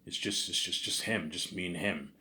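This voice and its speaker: A man telling a made-up story in a rambling, casual way, stammering and repeating himself, with bursts of excited asides. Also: low voice, moderate pace. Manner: repetitive and stammering, with constant "you know what I'm saying" fillers. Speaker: storyteller pitching a film idea.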